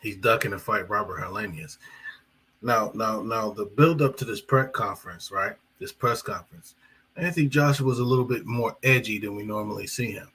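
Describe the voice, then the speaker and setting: On a live boxing stream, this male host and commentator talks loosely, wandering off track and correcting himself between filler words. He has a fairly low, fairly bright voice at normal speed, captured in a low-quality recording with a little hiss or hum.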